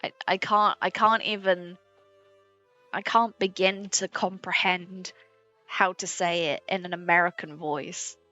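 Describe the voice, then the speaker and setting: A woman's voice: lowish voice, fairly even intonation, unhurried, sharp tone, dry recording. A young British woman streaming a puzzle game, chatting casually, swearing freely and laughing along with her chat. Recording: slightly dull sound with faint game music.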